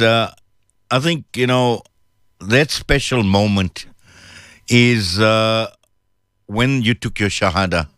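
Male interviewer, smooth clear voice, dry close sound, slow gentle questions. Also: on the low side, no echo. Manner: measured, gentle, with fillers.

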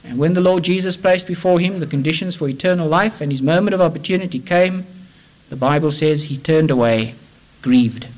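A man preaching an evangelistic sermon, impassioned and pleading, swinging between loud and hushed delivery. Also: fairly high pitch, low-quality recording.

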